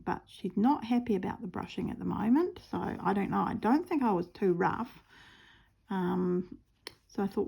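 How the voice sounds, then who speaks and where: A woman's voice: medium pitch, moderate pace, vocal fry, dark tone, husky. A woman with a New Zealand accent chatting casually and rambling while she stitches, with self-mocking humour. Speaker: craft vlogger.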